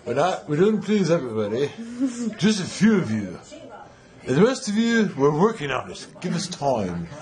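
A man's voice: fairly high pitch, big pitch swings, normal speed, a little mellow. A man from Chicago chatting and joking with his partner in a casual home vlog, laughing often. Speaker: vlogger. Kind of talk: casual couple vlog chat.

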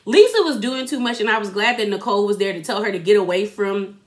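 A woman's voice: mid-range voice, expressive, fast. A young adult woman giving a chatty, opinionated recap of a reality show in casual slangy talk, acting out what people said.

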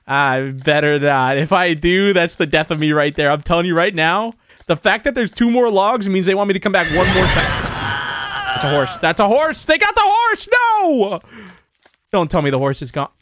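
A young man hosting a horror game let's-play, chatty and excitable with jumpy reactions. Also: a little high, moderate pace, slight background noise. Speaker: gaming channel host.

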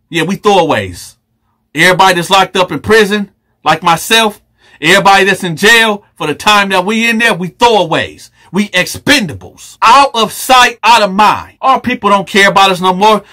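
A man telling a story in a casual, animated, slangy way, with joking asides to his viewers. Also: high voice. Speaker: YouTube storyteller.

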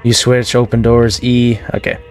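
Joking gamer commentating. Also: male voice, mid-range voice, little pitch movement, normal speed, soft background music. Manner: joking, exclaims at scares. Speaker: gaming video host. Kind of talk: casual let's-play commentary.

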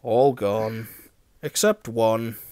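A man voicing a calm, kindly male railway boss who speaks gently and steadily. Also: lowish voice, drawn-out words, dry recording, studio quality. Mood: gentle.

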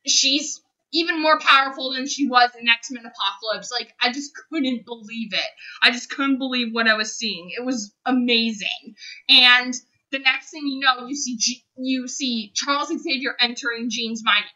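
Bright, high-voiced woman gushing about a film. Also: moderate pace, dull audio. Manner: gushing, emotional, repeats phrases. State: choked up, near tears. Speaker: film reviewer. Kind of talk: casual spoiler review monologue.

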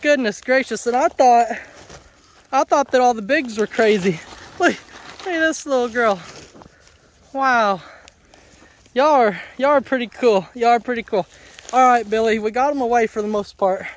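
Male homesteader, very high pitch, chatty and joking with his animals outside. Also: moderate pace, long pauses. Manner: playful, chatty, teasing. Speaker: homestead vlogger. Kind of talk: casual vlog, talking to farm animals. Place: outdoor farm pasture.

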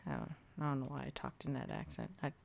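A gaming video host giving casual let's-play commentary into a desk microphone at a home setup, chatting to viewers and reacting out loud to jump scares. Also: medium pitch, wildly swooping pitch, fast, gravelly. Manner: talks to the viewers and to himself while playing.

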